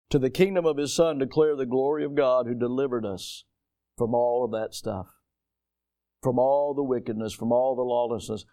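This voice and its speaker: A middle-aged pastor preaching a sermon, reading scripture aloud and rising to emphatic declarations. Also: male voice, medium pitch, mellow.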